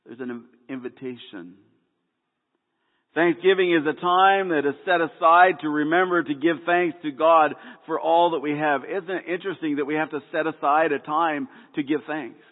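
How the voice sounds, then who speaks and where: A man's voice: fairly high pitch, normal speed. A man preaching a sermon, opening with folksy jokes and stumbling through restarts and fillers. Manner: folksy joke-telling with frequent ums and restarts. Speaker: pastor. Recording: echoey hall over a tinny phone-like line.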